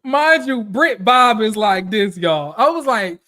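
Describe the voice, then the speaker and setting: High-voiced man giving animated profane commentary. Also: takes it slowly, few pauses. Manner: animated, profane, talks straight to viewers. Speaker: reality TV commentator. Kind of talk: casual recap commentary.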